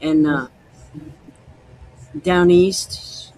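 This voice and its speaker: A man's voice: sits high, fairly even intonation, very slow, darkish tone, poor audio. A man hosting a podcast, chatting casually in a loose, rambling way while he tastes liquor. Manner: rambling, loose, easygoing storytelling. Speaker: podcast host.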